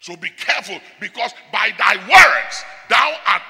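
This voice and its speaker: A high, very sharp male voice with heavy gravel in it, rising and falling widely as he preaches. He drops low and soft, then bursts out into shouts. The sound rings out with a long reverb, as in a large church hall. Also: animated, measured pace. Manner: swings from quiet to shouting; speaks in tongues. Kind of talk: sermon.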